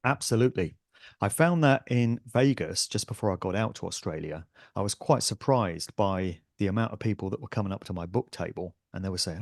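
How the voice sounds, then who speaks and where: A man's voice: deep voice, a little fast, no echo, studio quality. A man guesting on a podcast interview, talking in an earnest, emphatic way as an author and speaker.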